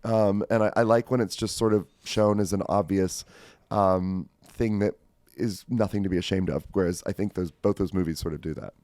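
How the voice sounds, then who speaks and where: A man's voice: low voice, normal speed, a little mellow, no echo. A man appearing as a guest on a podcast, talking in an enthusiastic, rambling way. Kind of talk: casual chat.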